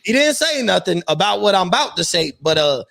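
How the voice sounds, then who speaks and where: Slangy, animated male co-host, high voice, dry close mic. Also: a little fast, creaky, no room sound. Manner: animated, slangy, addresses listeners as "bro". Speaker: podcast co-host. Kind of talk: casual sports chat.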